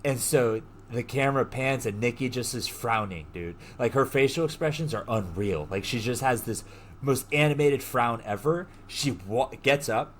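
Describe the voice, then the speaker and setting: A man hosting a podcast, retelling a story in a casual, animated way, full of slang and swearing. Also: mid-range voice, a little hiss or hum. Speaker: podcast host. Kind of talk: casual chat.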